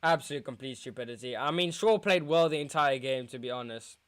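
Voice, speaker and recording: A man's voice: mid-range voice, a little fast, fairly bright tone. A young man from England streaming a football watchalong, groaning and sighing in dejection as he talks to his chat. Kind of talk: live football watchalong reaction.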